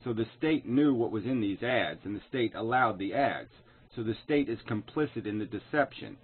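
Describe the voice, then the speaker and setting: A man's voice: lowish voice, expressive, moderate pace, husky. A man recording an angry, profane, sarcastic response video, picking apart another man's claims. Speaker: video commentator. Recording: tinny phone-like sound.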